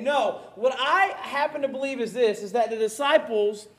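A pastor preaches in a very high, light voice, animated and jokey, acting out Bible scenes as he goes. His voice carries an echo from the room around him. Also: normal speed. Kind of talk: sermon.

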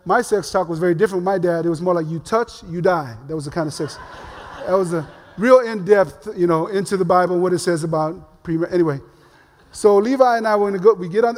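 A man's voice: high voice, darkish tone. An older man, a pastor, giving a sermon in a casual, humorous storytelling way. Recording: long reverb of a large hall.

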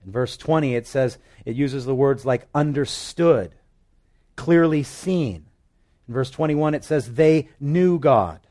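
A pastor preaching a conversational sermon full of vivid illustrations, swinging between loud emphatic phrases and quiet asides. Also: male voice, medium pitch, a little slow.

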